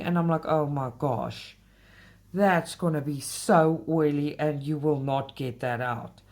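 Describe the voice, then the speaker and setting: A woman hosting a casual craft vlog, talking straight to her viewers and getting heated when she complains. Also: fairly low pitch. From South Africa. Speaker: cross-stitch channel host.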